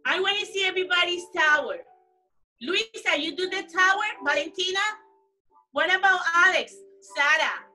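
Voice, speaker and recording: A woman teaching young children in an online class, coaxing and praising them in simple, animated phrases. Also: extremely high pitch, far from the mic, poor audio. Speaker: preschool teacher.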